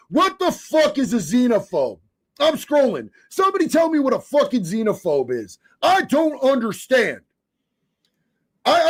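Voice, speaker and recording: Man, high voice, fiery, profane, emphatic, live-stream commentary. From Oregon. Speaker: livestreamer reading viewer comments.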